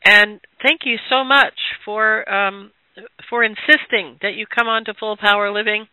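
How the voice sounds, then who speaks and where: A woman's voice: mid-range voice, fairly even intonation, unhurried, pushed and bright, no echo. A woman hosting a podcast interview, telling a personal story and affirming her guest with frequent mm-hmms. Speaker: podcast host. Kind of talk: casual interview chat. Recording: tinny phone-like line, dry.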